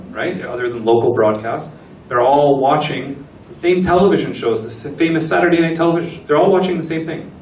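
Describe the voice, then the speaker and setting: A man gives a relaxed talk to a live audience, pausing to ask questions and act out small exchanges. His voice sits at an average pitch and is picked up from across a reverberant room, with faint ambience underneath. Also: a little hiss or hum. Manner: chatty, asks the audience questions, acts out little dialogues. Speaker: guest speaker at an embassy talk. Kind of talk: lecture presentation to an audience. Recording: echoey room recording from a distance.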